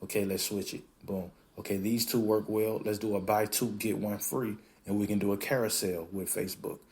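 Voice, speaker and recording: Male podcast host, lowish voice, animated off-the-cuff monologue with acted-out quotes. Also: moderate pace. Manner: animated, plays out quoted voices, swears casually. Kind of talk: casual monologue.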